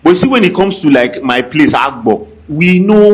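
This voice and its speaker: A Nigerian man with a Nigerian accent argues in an insistent, indignant way. His voice is husky and sits fairly high for a man. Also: expressive, normal speed, poor audio. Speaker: speaker in a played clip. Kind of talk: heated monologue.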